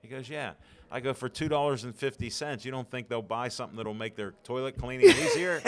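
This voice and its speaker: With crowd noise around him, a Pittsburgh man speaks in a sing-song, medium-pitched voice, a little quickly. He's an older podcast guest telling stories with animation and performing the dialogue himself.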